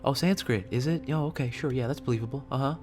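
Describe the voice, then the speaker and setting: A man plays a sarcastic, short-fused guy who mocks with a raised, sneering voice. His lines sound pitched up and pushy. Faint music runs under the scene. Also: quick pace, a little mellow, close to an everyday voice. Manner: sarcastic, mocking. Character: sarcastic, hot-tempered man fed up with a meditation guide. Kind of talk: comedy sketch.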